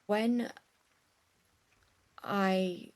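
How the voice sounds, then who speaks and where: A woman playing a tabletop game, speaking in character in a hesitant, halting way with many restarts. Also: mid-range voice, steady tone, a little mellow. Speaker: player. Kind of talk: in-character tabletop role-play.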